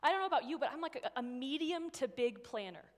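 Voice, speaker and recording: With a high-pitched, expressive voice and a quick pace, a woman in her thirties preaches as a guest speaker. She shares personal stories conversationally, often adding "right?". The church sanctuary setting gives a long hall reverb.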